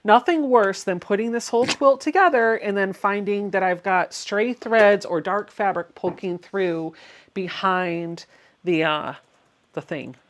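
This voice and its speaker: A woman in the middle of her range chats through each quilting step as she sews. She laughs easily and keeps things relaxed and talkative. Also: medium pitch, measured pace. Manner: chatty, laughs often, explains steps as she works. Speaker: quilting channel host. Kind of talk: casual chat while sewing on a livestream.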